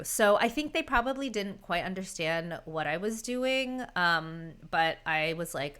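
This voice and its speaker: Chatty thirties woman guest, bright smooth tone, emotional and laughing. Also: fairly low pitch, lively intonation, normal speed. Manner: emotional, laughs often while talking; chatty with many fillers. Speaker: podcast guest. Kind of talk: casual conversation.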